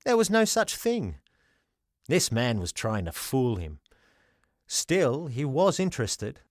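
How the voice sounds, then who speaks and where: Brief: male storybook narrator, animated intonation, dry close recording. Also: medium pitch, slow pace, no echo. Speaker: audiobook reader.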